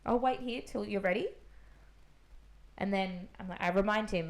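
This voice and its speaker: A young adult woman co-hosting a casual podcast chat, calm and explanatory, often agreeing. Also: medium pitch, normal speed. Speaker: podcast co-host.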